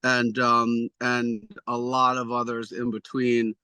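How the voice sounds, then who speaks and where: Bright, crisp-sounding man, rambling answers. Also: mid-range voice, flat delivery, slow, no room sound. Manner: rambling, restarts often, self-deprecating. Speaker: executive producer guest. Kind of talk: conversational interview answers.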